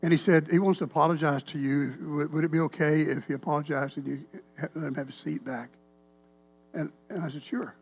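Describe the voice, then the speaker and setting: A man, a pastor telling a rambling, animated story in a sermon. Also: a little high, a little fast, slightly rough. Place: church sanctuary.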